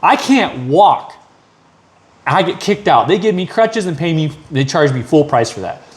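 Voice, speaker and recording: This podcast host speaks at a measured pace in a fairly high voice, relating a long story conversationally. He swears a lot and voices the story's characters in animated, acted quotes.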